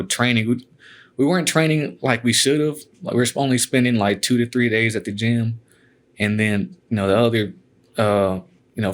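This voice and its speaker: Brief: relaxed male guest, mid-pitched voice, loose storytelling full of "man" and casual swearing. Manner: laid-back, peppers speech with "man" and cussing. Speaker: guest, MMA fighter.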